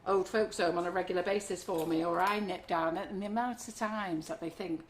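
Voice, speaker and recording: A woman's voice: fairly low pitch, fairly quick, a little hiss or hum. A middle-aged woman, chatting as she demonstrates cake decorating in a live kitchen class. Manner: chatty, friendly, talks while working. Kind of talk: live online class demo. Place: home kitchen.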